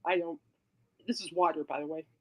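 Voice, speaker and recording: A woman's voice: on the low side, steady tone, fairly quick, fairly bright tone. A woman hosting a podcast in casual chat, playful and teasing, rambling from joke to joke. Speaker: podcast host.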